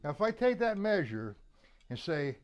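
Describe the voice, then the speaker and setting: A man's voice: high voice, very animated, moderate pace, smooth, soft background music. A man teaching a casual drum lesson, chatting with viewers and counting beats aloud. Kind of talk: live-streamed drum lesson.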